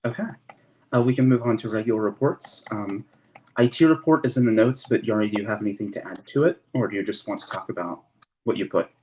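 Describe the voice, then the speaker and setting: A somewhat low-voiced man from Indiana runs an online committee meeting, calling each member in turn with polite, procedural phrasing and filler ums. His voice comes through a dull, lo-fi call line with a faint hiss behind it. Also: quick pace, darkish tone. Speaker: committee chair.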